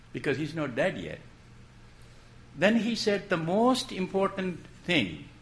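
Slow, expressive male preacher. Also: on the high side, a little hiss or hum. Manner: gentle, storytelling preacher with rising questions and soft drops. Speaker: pastor. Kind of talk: sermon.

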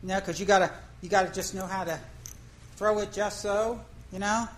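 A woman's voice: mid-range voice, fairly even intonation, moderate pace, a little hiss or hum, poor audio. A woman preacher telling a fishing story in a folksy, conversational way, asking the congregation questions. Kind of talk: storytelling sermon.

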